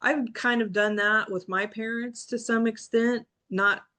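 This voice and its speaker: A woman's voice: a little high, fairly even intonation, measured pace, pushed and bright. A woman in a casual group video call, talking reflectively and rambling, often restarting and quoting herself. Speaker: book club member.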